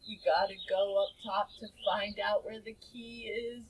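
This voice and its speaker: A woman's voice: medium pitch, steady tone, a little slow, breathy edge, recorded from a distance, pitched below the performer's own voice. A woman voicing a friendly little fish in a children's story, urging everyone along. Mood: urgent.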